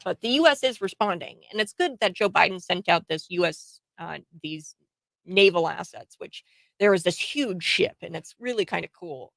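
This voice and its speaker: An American woman hosts political commentary in an indignant, emphatic way, stumbling over fillers and restarts. Her voice sits a little low with a gravelly edge. The recording is dry and close. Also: fairly bright tone, no echo. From United States. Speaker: host.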